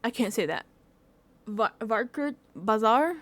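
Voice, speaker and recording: A woman with a slightly high voice talks through a reality show recap in a loose, conversational way. She tells stories with animated swings, and her lines are full of fillers and bursts of laughter. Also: slow, dry recording. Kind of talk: casual recap chat.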